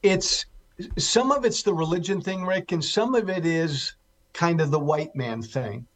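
A man with a fairly high voice talks as a guest on political talk radio. He hammers his points home with emphasis, often repeating a word several times over. His delivery sounds forceful and insistent. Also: a little slow. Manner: emphatic, repeats key words for stress. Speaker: guest commentator.

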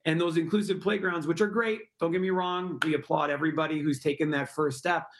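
A man's voice: on the high side, fairly even intonation, a little fast, slight background noise. A middle-aged man, interviewed as a guest, explains his project earnestly with rhetorical questions. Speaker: guest, park project founder. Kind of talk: interview answers.

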